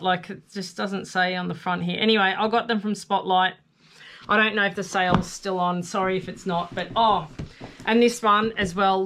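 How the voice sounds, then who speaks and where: A woman presenting a casual craft haul video, gushing and excitable as she shows off her finds. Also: mid-range voice, a little hiss or hum. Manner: gushing, excitable, gasps and coos over paper. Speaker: craft vlogger.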